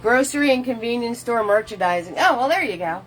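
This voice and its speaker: Animated and fairly quick, a woman with a slightly high, fairly bright voice hosts a live painting lesson over faint background music in a rough recording. She's chatty, replying to viewer comments as she paints and guiding them casually through each step.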